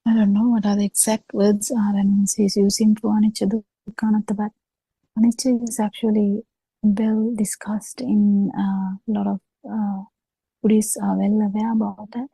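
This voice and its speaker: Woman, dharma talk, video call, very dark gravelly voice, slow and halting, dry sound. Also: mid-range voice, little pitch movement, dry recording, rough recording. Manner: slow, halting explanation with frequent pauses. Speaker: Buddhist teacher.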